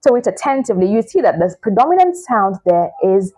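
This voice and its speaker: A woman's voice: mid-range voice, big pitch swings, fairly quick, mellow, rough recording. A woman teaching English pronunciation in a casual spoken lesson, encouraging and repetitive, often checking in with "all right?".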